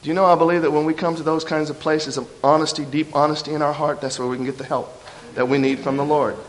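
High-voiced preacher in a reverberant church. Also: male voice, flat delivery, fast talker. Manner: impassioned, drops low and soft for quoted confessions. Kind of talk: sermon.

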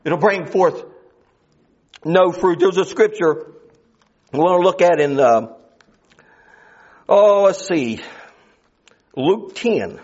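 Man preaching, high voice, lots of swing in the pitch, folksy and fervent, dull lo-fi sound. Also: lively intonation, takes it slowly, pauses often, darkish tone. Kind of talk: sermon. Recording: dull lo-fi recording.

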